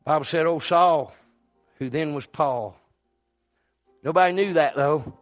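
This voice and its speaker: Male pastor, sermon storyteller, higher-than-usual voice. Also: unhurried, soft background music. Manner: folksy storytelling with sudden loud rises. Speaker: preacher.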